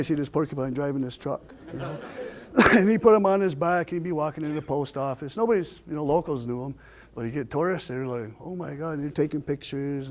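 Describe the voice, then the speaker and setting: A man storyteller recounting a family memory in a relaxed oral storytelling style, voicing the people in it with lively pitch jumps. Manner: lively, acts out quoted voices with pitch jumps.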